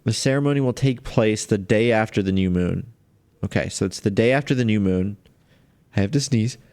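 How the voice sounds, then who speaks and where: A man with a fairly low voice streams a video game and thinks out loud as he works through a puzzle. He chuckles now and then and lets his sentences trail off. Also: brisk. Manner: musing aloud, chuckling, trailing off. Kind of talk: casual gameplay commentary.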